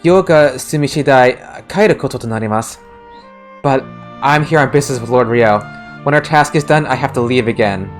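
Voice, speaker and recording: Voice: medium pitch, brisk, soft background music, pitched below the performer's own voice, lightly acted. Streamer reading as a stiff formal retainer. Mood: apologetic.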